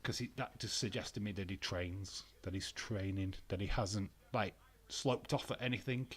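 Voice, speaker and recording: A man's voice: fairly low pitch, moderate pace, slightly rough. A young man casually chatting on a live stream, reading out viewer comments, laughing often and swearing now and then. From England.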